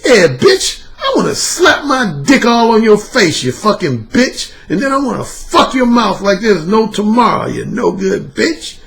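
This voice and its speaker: A man's voice: sits high, huge pitch swings, a little slow, vocal fry, hardly any pauses, fairly bright tone, voice pushed up, heavily acted. A man putting on the voice of a bitter, angry man who hurls harsh, contemptuous insults at women.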